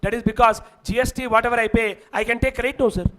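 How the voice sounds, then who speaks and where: A man's voice: extremely high pitch, fairly even intonation, quick pace, fairly bright tone, rough recording. A man with an Indian English accent teaching an online exam-prep lecture, emphatic and often checking that students follow.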